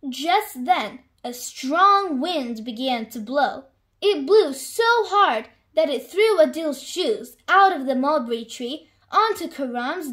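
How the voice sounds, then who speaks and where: A woman reading a children's picture book aloud, with clear, expressive storytelling. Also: high voice, takes it slowly.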